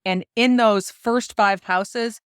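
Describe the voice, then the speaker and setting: A woman in her forties from the United States, hosting a solo podcast and telling stories in a chatty, lively way with frequent laughs. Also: on the high side, slow pace, clean tone, no room sound, studio quality. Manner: chatty, animated storytelling with laughs. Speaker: podcast host and golf coach.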